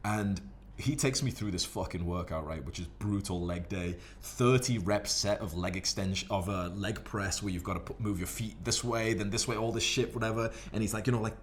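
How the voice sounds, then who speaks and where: A man casually telling gym stories to camera in a profane, rambling, animated way. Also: lowish voice, a little fast, a little hiss or hum. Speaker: fitness vlogger.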